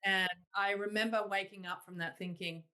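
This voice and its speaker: A woman, a singer-songwriter guest telling her stories in a casual interview, animated and laughing, quoting herself in exclaimed asides. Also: mid-range voice, normal speed, clean tone. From Australia.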